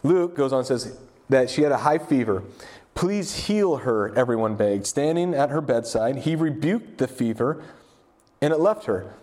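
A man's voice: mid-range voice, animated, moderate pace, a little mellow. A young man preaching in a loose, conversational way, joking and talking around the text with plenty of fillers. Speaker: pastor. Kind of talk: casual conversational sermon.

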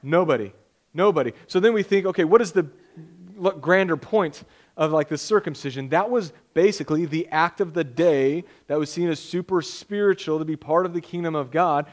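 Casting note: young man, pastor delivering a sermon in a loose, joking, conversational way, slightly higher voice. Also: normal speed.

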